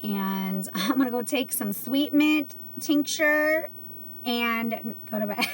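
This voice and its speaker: Chatty woman livestreaming, slightly high voice. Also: a little slow, pushed and bright, slight background noise. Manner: earnest, chatty, many fillers. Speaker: livestream host selling CBD. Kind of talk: casual livestream chat.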